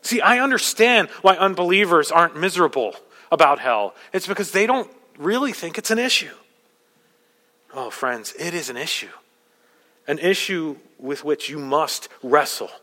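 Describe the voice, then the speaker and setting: A male pastor preaching a sermon with urgent emphasis, swinging from soft passages to loud ones. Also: a little high, expressive, normal speed, long reverb tail. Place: church.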